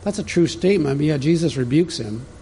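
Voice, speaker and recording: A man's voice: a little high, lively intonation, a little fast, mellow, a little hiss or hum. A man preaching a sermon as pastor, in a conversational teaching manner that speaks directly to the congregation.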